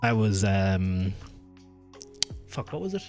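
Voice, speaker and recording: A man's voice: deep voice, very animated, slow pace, darkish tone, soft background music. A young man streaming from home, chatting casually with his viewers, rambling and restarting his sentences as he goes off on tangents. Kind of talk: casual live-stream chat. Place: home room.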